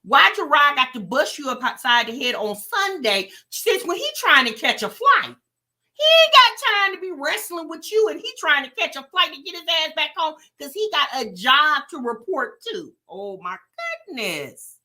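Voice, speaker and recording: A woman hosting a reaction channel, giving animated casual commentary straight to her viewers. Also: high-pitched, moderate pace.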